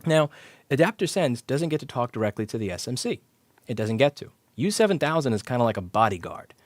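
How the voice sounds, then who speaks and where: A man's voice: mid-range voice, very animated, brisk, dry recording. A man teaching electronics repair on a live stream, blunt and sarcastic, cursing casually as he explains the circuit step by step. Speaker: repair instructor. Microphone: clip-on mic.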